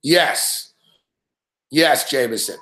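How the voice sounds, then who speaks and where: A sports betting show host rambles profanely through a casual live-stream rant, laughing often, in an echoey room. His medium-pitched voice is bright and forceful, and he speaks extremely slowly.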